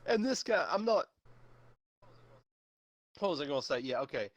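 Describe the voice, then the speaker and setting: A man's voice: a little high, big pitch swings, normal speed, long pauses. A young man streaming, telling a long story in casual chat, rambling and swearing with lots of fillers. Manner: rambling, profane, many fillers.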